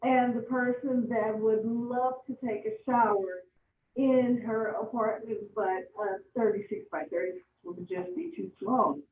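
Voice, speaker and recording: A woman giving an impassioned public comment, earnest and pleading, speaking deliberately slowly. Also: fairly high pitch, fairly even intonation. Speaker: public commenter and advocacy board member. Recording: tinny, echoey phone line from a distance.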